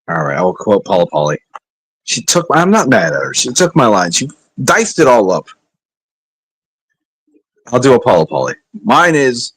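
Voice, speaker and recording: A man's voice: medium pitch, wildly swooping pitch, normal speed, pauses often, a bit bright, breathy edge, no echo, poor audio. A middle-aged man streaming, chatting in a laid-back, rambling way with sighs and joking asides. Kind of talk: rambling casual livestream chat.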